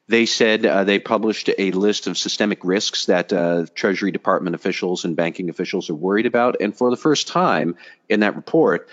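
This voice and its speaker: A man on a casual panel chat, giving a measured, explanatory commentary. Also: lowish voice. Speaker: podcast panelist. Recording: dull lo-fi audio.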